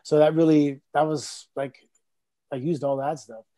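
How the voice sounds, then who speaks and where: A man's voice: fairly high pitch, unhurried. A middle-aged man from Canada telling stories as a guest in a casual interview, acting out the quotes. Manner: animated, acts out quotes. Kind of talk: casual storytelling.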